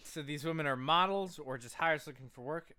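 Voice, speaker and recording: Male co-host, slightly high, smooth tone, reads notes, laughs easily. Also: fairly quick, pushed and bright. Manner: reads facts aloud, breaks into laughter. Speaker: podcast co-host. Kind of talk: casual comedy chat, reading notes.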